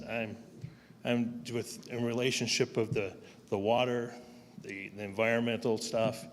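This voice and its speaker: A man's voice: mid-range voice, level tone, unhurried, a little hiss or hum. A man giving a hesitant, nervous public comment at a council meeting in person. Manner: hesitant and nervous, losing his place. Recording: long hall reverb with faint room ambience.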